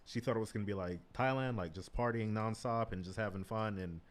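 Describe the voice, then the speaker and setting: A man in his thirties tells stories as a guest in a casual chat, speaking fairly quickly in a fairly low voice. He swears freely and leans on "like" and "bro."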